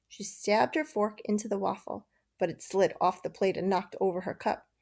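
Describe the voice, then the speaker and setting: A woman reading a children's novel aloud, steady and measured. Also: medium pitch, creaky. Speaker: narrator. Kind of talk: storybook reading.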